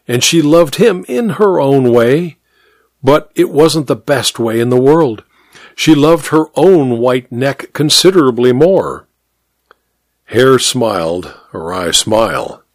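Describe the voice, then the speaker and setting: Expressive male story narrator. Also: mid-range voice, no room sound. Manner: expressive, measured reading. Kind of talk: audiobook story reading.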